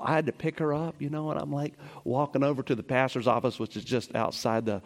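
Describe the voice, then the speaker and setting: A middle-aged male preacher giving a sermon, shifting between slow, hushed scripture reading and lively, excited storytelling. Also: mid-range voice, long reverb tail. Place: church sanctuary.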